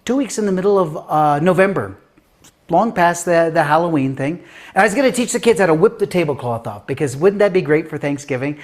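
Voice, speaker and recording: Man telling stories with animated swings. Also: fairly high pitch, fairly quick. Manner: acts out voices in anecdotes, big swings in loudness and pace. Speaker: guest author and science educator. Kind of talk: animated storytelling in an interview.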